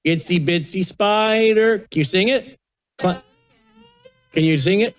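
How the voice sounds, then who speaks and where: An older man, the host, gently coaxing and baby-talking with a small child at a studio news desk. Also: high voice, unhurried, dry recording. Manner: soft coaxing baby talk. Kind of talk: casual chat with a toddler on air.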